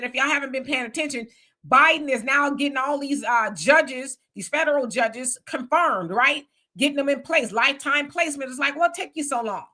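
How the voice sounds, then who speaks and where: A woman's voice: high-pitched, pushed and bright. A woman hosting a livestream commentary, talking in a loose conversational way and firing off emphatic rhetorical questions. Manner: loose conversational street talk. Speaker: commentary host.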